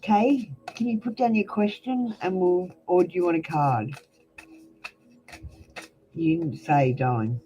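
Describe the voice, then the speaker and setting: A woman's voice: lowish voice, takes it slowly, pauses often, warm tone, poor audio. A young adult Australian woman giving blunt, chatty tarot readings on a live stream, calling viewers by name. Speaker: tarot reader.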